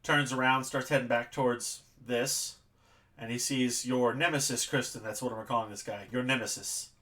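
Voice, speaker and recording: Guy running a tabletop game, bright voice, animated, laughs a lot. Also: mid-range voice, normal speed. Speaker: game master.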